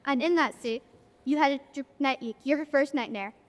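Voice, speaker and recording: A young woman narrates a school stage play in a wry storytelling voice, talking straight to the audience. Her voice is fairly high. It carries through an echoey auditorium, picked up from a distance. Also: moderate pace. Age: young adult.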